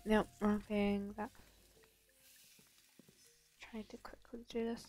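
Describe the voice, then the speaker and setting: A woman's voice: medium pitch, little pitch movement, takes it slowly, darkish tone, faint music behind. A young woman giving casual commentary while playing a bakery game, chatting to herself and to the customers in the game. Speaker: gaming channel host.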